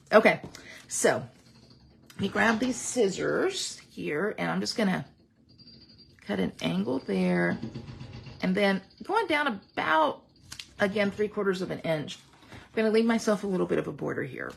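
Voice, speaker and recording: A playful woman walks viewers through a card-making project in a casual, chatty way. Her voice swings widely in pitch and carries a gravelly edge. A faint hiss sits under the home recording. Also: animated, normal speed. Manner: chatty, playful, exaggerating for fun. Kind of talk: casual crafting tutorial. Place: home craft room.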